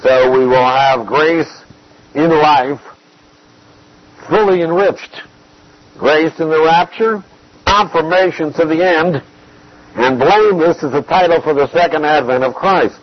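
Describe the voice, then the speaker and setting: A man giving an expository Bible teaching, measured and emphatic, repeating key phrases to drive points home. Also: fairly high pitch, muffled recording.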